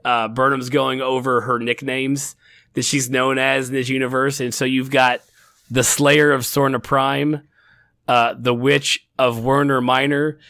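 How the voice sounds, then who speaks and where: A man's voice: medium pitch, creaky, sharp tone, no echo, studio quality. A middle-aged man co-hosting a casual TV review chat, rambling with frequent restarts and laughter. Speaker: podcast co-host.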